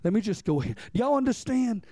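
In a high, mellow voice, this pastor preaches quickly with big pitch swings and some vocal fry. His style is conversational: he repeats important lines and checks in with his listeners. The sound is close and dry.

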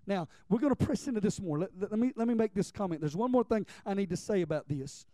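A middle-aged preacher with a high, mellow voice delivers a storytelling sermon. He leans hard on key words, then sinks low and soft. The sound is close and dry, with no room around it. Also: lively intonation, quick pace, no echo. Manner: storytelling, emphatic, drops to quiet for personal stories.

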